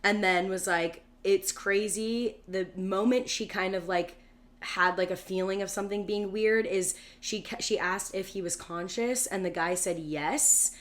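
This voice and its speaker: A woman's voice: medium pitch, unhurried. Chatty woman in her thirties telling a story. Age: 30s. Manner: storytelling with many "like" fillers and quoted voices. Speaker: podcast co-host. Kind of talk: casual chat.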